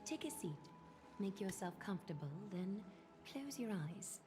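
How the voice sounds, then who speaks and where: A woman's voice: medium pitch, sing-song, measured pace. Aglaya, a posh British noblewoman. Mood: soothing. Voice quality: posh, proper, soft-spoken. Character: poised, refined noblewoman weaver, calm and soothing. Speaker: game character. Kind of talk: video game voice acting. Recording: game audio with music behind.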